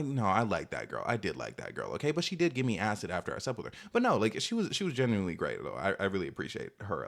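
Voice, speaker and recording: A man's voice: on the low side, a bit bright. A young man vlogging, telling a rambling, defensive storytime full of filler words. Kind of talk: casual storytime monologue.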